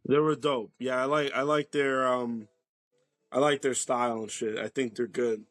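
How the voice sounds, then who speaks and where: A man's voice: mid-range voice, little pitch movement, moderate pace, fairly bright tone, no echo, studio quality. A man chatting casually as a podcast guest, rambling loosely with lots of "like" and swearing.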